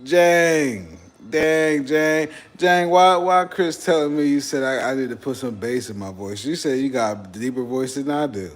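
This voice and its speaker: A man's voice: medium pitch, a little slow, hardly any pauses. A young man from Texas hosting a casual livestream, joking and swearing as he banters with his chat. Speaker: livestream host.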